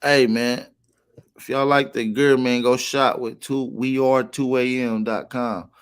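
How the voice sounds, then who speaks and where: A man hosts a casual livestream at a middle pitch, talking in loose slang. He greets viewers from the chat by name and keeps plugging his merch. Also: level tone, measured pace, smooth. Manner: plugs merch with repeated calls to shop. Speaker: livestream host.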